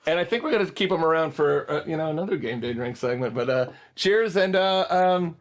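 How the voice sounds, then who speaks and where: Upbeat, chatty man with a fairly high-pitched voice, co-hosting a casual podcast. He keeps the banter rolling and steers the conversation along, sounding relaxed and friendly. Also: brisk. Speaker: podcast co-host.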